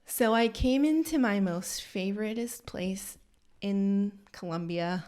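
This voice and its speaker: A woman who owns a hair salon, hosting a podcast and telling a rambling, animated, self-deprecating story from inside her salon. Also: medium pitch, takes it slowly. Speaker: salon owner and podcast host. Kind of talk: casual storytelling monologue.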